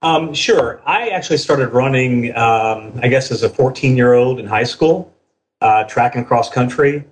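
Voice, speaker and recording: A middle-aged man as a guest on a podcast, speaking in a measured way with frequent filler pauses. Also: mid-range voice. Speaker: race director, interview guest. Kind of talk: casual interview chat.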